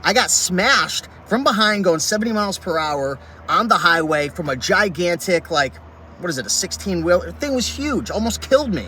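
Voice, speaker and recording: Passionate ranting man, high bright voice, vlog from his vehicle, faint traffic noise outside. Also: expressive, normal speed. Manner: fired-up, passionate rant with many "like"s. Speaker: reselling YouTuber. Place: inside a vehicle.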